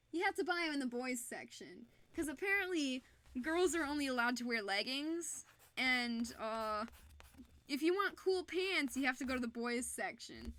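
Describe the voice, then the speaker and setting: A woman's voice: high-pitched, fairly bright tone. A young woman with a Michigan accent chatting casually on a live stream while she crafts, giggling often between sentences. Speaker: fursuit maker and streamer.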